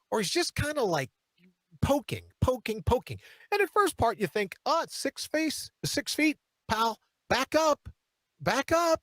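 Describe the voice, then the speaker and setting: A man's voice: high-pitched, fairly bright tone, no room sound. A man hosting a talk show, telling rambling sarcastic stories and reading out viewer comments. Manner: sarcastic, rambling storyteller who reads viewer comments aloud. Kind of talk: animated political talk show monologue.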